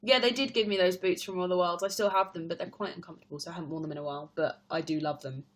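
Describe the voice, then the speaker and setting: A woman's voice: lowish voice, fairly even intonation, rapid-fire. Young english woman live streaming, chatty, laughs a lot, answering fan questions. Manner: chatty, laughs often, reads questions aloud. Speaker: stage performer live-streaming to fans. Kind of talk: casual live-stream chat answering comments.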